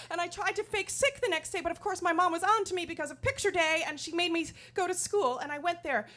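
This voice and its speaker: A woman comedian telling a self-deprecating story on stage in an animated, comic way. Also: very high voice, brisk, hardly any pauses. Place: live storytelling stage before an audience.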